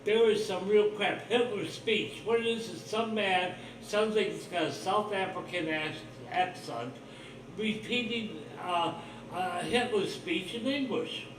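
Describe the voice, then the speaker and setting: A man's voice: sits high, unhurried, far from the mic, crowd noise. A man hosting his own livestream, talking in a rambling, blunt, profane monologue full of suspicion. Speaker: livestream host. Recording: roomy echo, voice off-mic, faint ambience.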